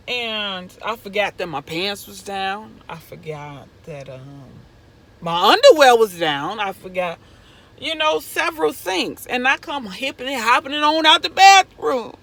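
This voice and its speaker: Gravelly excitable woman telling a story. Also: medium pitch, low-quality recording. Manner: excitable, swings from hushed to near-shouting. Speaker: vlogger telling a family story. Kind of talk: animated personal storytelling.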